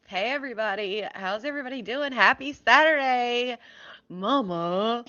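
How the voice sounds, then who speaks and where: A woman's voice: a little high, normal speed, sharp tone, lo-fi sound, soft background music. A woman hosting a casual live stream, chatting and greeting viewers one by one by name.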